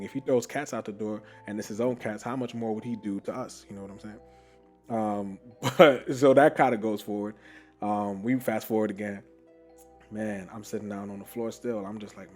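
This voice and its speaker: Man, podcast host, lowish voice, casual animated storytelling, frequent laughs, faint background music. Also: moderate pace. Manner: animated, laughing often, many fillers.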